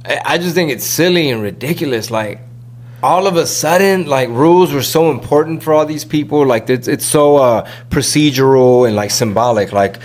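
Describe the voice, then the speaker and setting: Man, podcast host, casual chat, slangy, rambling, quick mocking impressions. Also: medium pitch, lively intonation. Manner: rambling, slangy, mimics people in quick asides.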